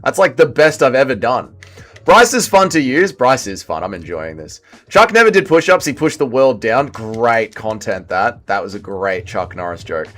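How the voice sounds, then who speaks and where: Man in his thirties, animated. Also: mid-range voice, normal speed. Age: 30s. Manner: banter, reading chat aloud while playing. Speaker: streamer. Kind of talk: casual livestream gaming commentary.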